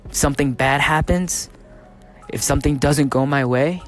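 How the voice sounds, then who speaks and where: A man's voice: a little high, normal speed, faint music behind. A man founder of a fitness training company, telling a motivational story casually and tagging sentences with "right?". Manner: casual, punctuates sentences with "right?", laughs often.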